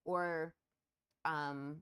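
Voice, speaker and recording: A woman co-hosting a relationship podcast, talking in a relaxed, conversational way with wry asides. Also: deep voice, extremely slow, smooth. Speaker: podcast co-host. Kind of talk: casual relationship chat.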